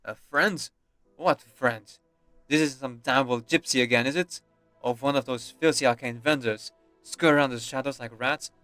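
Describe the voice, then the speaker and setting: A man's voice: medium pitch, lively intonation, normal speed, pauses often, a bit bright, faint music behind, lightly acted. A man voicing a stern, contemptuous aristocratic father who scolds his daughter. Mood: scornful.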